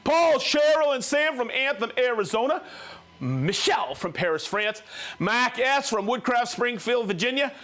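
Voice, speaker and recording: A man's voice: extremely high pitch, big pitch swings, normal speed, fairly bright tone. A man hosting a live show, reading out viewers' names and hometowns in a jokey, upbeat way. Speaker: livestream host.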